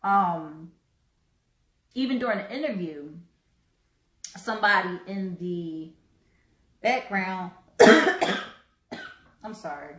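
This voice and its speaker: Slow-talking woman host in an echoey room. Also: medium pitch, fairly bright tone. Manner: earnest, halting, repeats words. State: choked up, coughing. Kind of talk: live-stream commentary.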